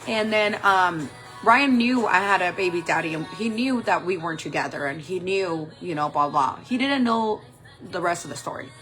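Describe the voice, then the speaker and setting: Doing her makeup as she talks, a woman in her 40s shares a personal story, cursing freely and animatedly acting out quoted dialogue. She's a makeup vlogger whose voice is on the low side, at normal speed, with soft background music.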